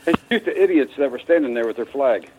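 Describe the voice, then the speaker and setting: A man calling in to a podcast, talking in a dry, deadpan, teasing way. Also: mid-range voice, quick pace, slight background noise, rough recording. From West Virginia. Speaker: caller, small business owner. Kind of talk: call-in chat.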